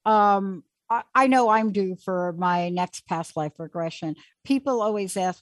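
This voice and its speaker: An animated woman hosts a call-in talk show, chatting freely between guests and callers. Her voice sits in the middle of the range and sounds close and dry, with no room around it. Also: medium pitch, measured pace, few pauses, no room sound. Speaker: host.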